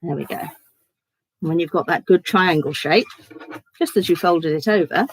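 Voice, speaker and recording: A woman leading an online children's church session and calmly talking viewers through paper folding step by step. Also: lowish voice, normal speed, long pauses, slight background noise, rough recording. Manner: chatty, step-by-step instructing, giggly. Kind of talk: online craft lesson for children.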